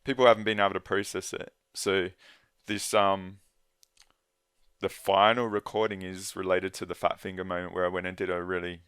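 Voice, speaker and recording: A man with a very low, flat voice talks as a guest in a conversation, earnest and halting, often breaking off to start again. His tone is smooth and clear, and the sound is dry and close. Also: no room sound. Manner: earnest, halting, with many restarts. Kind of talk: casual conversation.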